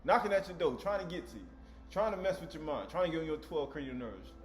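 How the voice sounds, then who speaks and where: Faint music and echo fill the room as a fast-talking preacher with a slightly high, lively voice delivers a casual sermon. He talks conversationally, frequently asking "right?" and voicing dialogue in slang.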